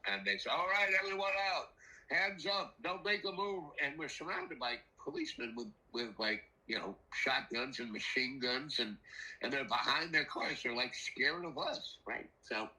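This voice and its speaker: An older man telling a rambling personal story in a casual, animated way, acting out the voices of the people in it. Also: medium pitch, moderate pace, low-quality recording. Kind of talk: casual spoken anecdote.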